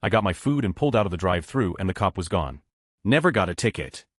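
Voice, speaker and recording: Deep, fast-reading male story narrator. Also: animated, no room sound, clean studio sound. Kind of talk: reading Reddit stories aloud.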